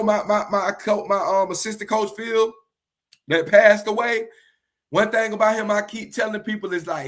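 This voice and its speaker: A man teaching from the Bible in a livestream, earnest and repeating key phrases slowly for emphasis. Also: high voice, fairly bright tone.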